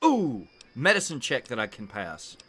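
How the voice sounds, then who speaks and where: A man's voice: mid-range voice, unhurried, sharp tone. A man streaming a video game, chatting casually with fillers and laughs as he plays. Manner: rambling, laughing, full of fillers. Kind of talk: casual gameplay commentary.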